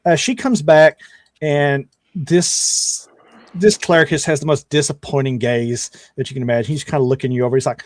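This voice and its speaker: A man's voice: a little high, moderate pace, no echo. A man narrating a tabletop game as game master in a loose, rambling way. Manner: casual, rambling with fillers.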